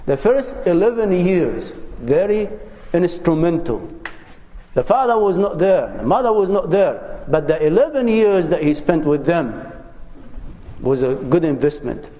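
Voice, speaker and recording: A man's voice: fairly high pitch, expressive, a little slow, mellow. A man giving an earnest, conversational lecture as a religious teacher, sharing personal anecdotes with his audience. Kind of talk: lecture on parenting. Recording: roomy hall with long reverb.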